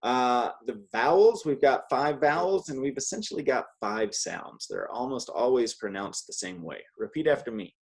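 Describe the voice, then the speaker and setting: A man's voice: mid-range voice, lively intonation, normal speed, vocal fry, hardly any pauses, breathy edge. Patient male Spanish teacher. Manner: patient, chatty, models words for repetition. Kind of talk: one-on-one language lesson.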